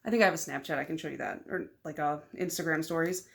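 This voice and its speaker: A young woman from Michigan talks through her nail polish vlog in a loose, rambling way. Her sentences are full of "like" fillers and restarts. She gets loud and excited easily and laughs often. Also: low-pitched, fast, vocal fry. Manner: chatty, rambling, lots of "like" fillers. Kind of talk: casual vlog chat.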